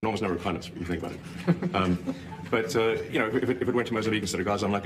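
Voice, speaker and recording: Fast, halting man answering reporters. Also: on the low side, slight background noise. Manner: halting, many fillers and restarts, rapid. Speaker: official answering press questions. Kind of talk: unscripted press remarks. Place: office press event.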